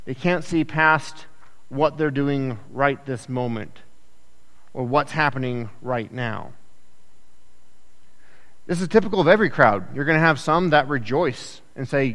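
A man preaching a sermon in a conversational, animated way, acting out the people in the story with quick asides. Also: on the high side. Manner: animated, acts out quoted voices, conversational asides. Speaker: pastor. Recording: echoey hall with long reverb.

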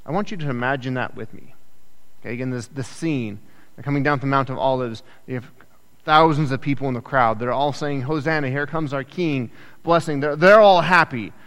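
A man delivers a sermon in a lively, chatty manner and briefly voices the people in his story. His voice sits at a middle pitch. The sound carries a long reverb, as in a large church hall. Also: a little fast. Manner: animated, acts out quoted voices, conversational asides. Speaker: pastor.

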